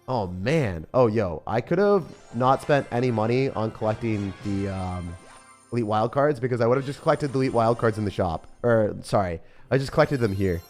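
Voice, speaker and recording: A young man commentating his own game on a live stream, fast and jokey, chatting to viewers as he plays. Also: mid-range voice, expressive, darkish tone, faint music behind. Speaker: gaming streamer.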